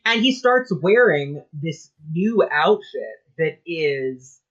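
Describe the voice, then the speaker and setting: A man's voice: fairly high pitch, very animated, takes it slowly, fairly bright tone, lo-fi sound. A man co-hosting a podcast, chatting casually and with wry, self-deprecating humor about comics. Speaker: podcast co-host. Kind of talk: casual chat recapping comics.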